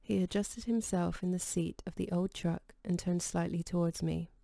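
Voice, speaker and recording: The audiobook narrator, a woman, reads from a script with calm, measured delivery in a low, mellow, gravelly voice. The recording is close, dry, and free of echo.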